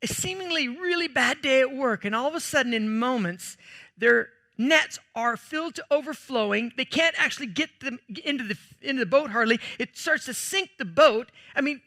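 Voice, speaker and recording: A man preaching a sermon as pastor, telling stories in a jokey, animated way with sudden loud bursts. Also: very high voice, moderate pace.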